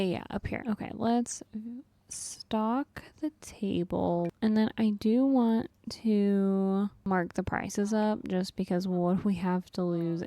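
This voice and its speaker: A young woman chats her way through a life-sim game in a relaxed, upbeat tone, talking straight to her viewers. Her voice is mellow and soft-edged. The sound is dry and close, with almost no room around it. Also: medium pitch, dry recording. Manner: chatty, upbeat, talks to viewers as "guys" and "y'all". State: has the hiccups. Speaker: gaming channel host. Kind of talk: casual gameplay commentary.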